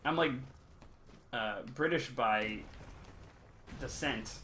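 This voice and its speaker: A man's voice: medium pitch, drawn-out words, sharp tone, slight background noise. A young man chatting casually on a game stream, rambling with many ums and uhs. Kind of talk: casual chat while gaming, reading chat.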